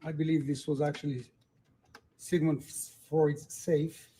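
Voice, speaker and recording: A man's voice: on the high side, little pitch movement, measured pace, mellow, husky. An older man speaking earnestly in a recorded interview clip, confiding and sure of himself.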